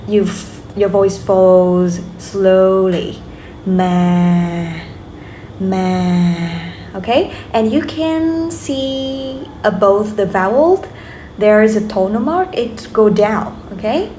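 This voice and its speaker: A woman's voice: mid-range voice, warm tone, slight background noise. A young woman with a Vietnamese accent teaching a language lesson, speaking patiently and saying "okay" often. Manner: slow, patient, repeats drills, many "okay"s. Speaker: language tutor.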